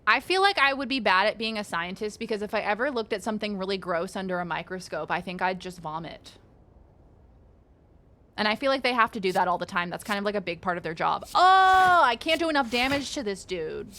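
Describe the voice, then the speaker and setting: A brisk woman with a pushed, bright, medium-pitched voice chats casually while streaming a card game. She plays around with her viewers, curses, and reads the cards' text aloud as she goes.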